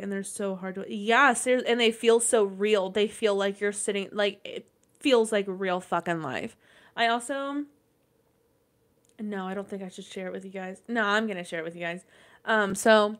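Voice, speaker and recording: A young woman hosting a podcast, telling a personal story in a casual, rambling way, full of swearing and acted-out reactions. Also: mid-range voice. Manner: profane, rambling, animated retelling. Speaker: podcast host. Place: dark room at home.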